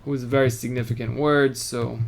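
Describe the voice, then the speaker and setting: Male Torah teacher, mid-pitched, casual, reads verses aloud and then explains them, with keyboard typing faint in the background. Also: flat delivery, brisk, creaky, slight background noise. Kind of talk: informal text study lesson.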